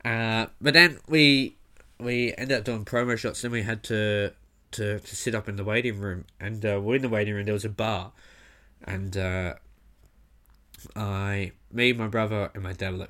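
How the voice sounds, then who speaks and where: A young comedian with a fairly low voice tells his story in a relaxed, rambling way. He swears freely and fills his pauses with "uh" and "um". He has the easy pace of a casual monologue. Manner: rambling, swears often, frequent fillers.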